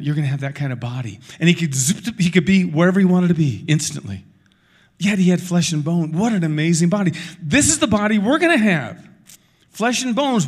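A middle-aged male pastor with a fairly high voice preaches a sermon in a lively, conversational style. He makes asides to the congregation as he goes.

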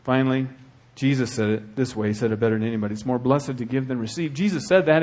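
This man, the church's pastor, preaches fairly quickly in a mid-range voice. His sermon moves between hushed earnestness and loud, fervent exhortation.

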